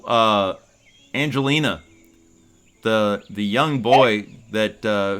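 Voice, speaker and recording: A man's voice: fairly low pitch, a bit bright. A man narrating a tabletop game as game master, in loose and rambling speech with frequent restarts.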